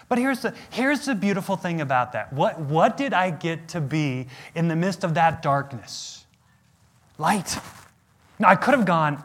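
A man's voice: sits high, expressive, measured pace, a bit bright. A middle-aged male pastor preaching a sermon in an earnest, emphatic way, asking the listeners questions.

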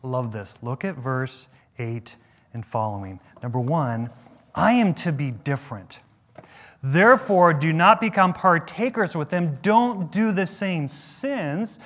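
A man's voice: on the high side, animated, slow pace, fairly bright tone. A middle-aged male pastor preaching a sermon in an earnest, emphatic way, asking the listeners questions.

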